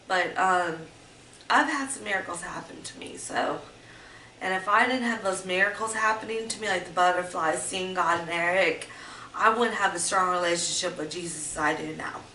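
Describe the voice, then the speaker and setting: A woman's voice: lowish voice, bright, forceful tone. A woman telling personal stories in a vlog, rambling and meandering, often restarting her sentences. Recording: roomy echo, mic at a distance, faint background noise.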